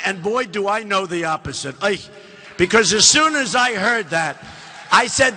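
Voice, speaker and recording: A man's voice: high-pitched, expressive, moderate pace, sharp tone. A man in his seventies giving a rambling, boastful campaign rally speech with mocking asides to the crowd. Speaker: political candidate. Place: large indoor events hall. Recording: long hall reverb from a live rally.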